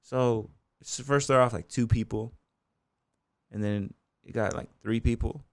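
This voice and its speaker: An American bull rider and gym owner, guesting on a podcast, tells casual stories in a loose, rambling way, with fillers like "you know" and "man." His mid-range voice is steady and creaky, his pace measured, and the recording dry.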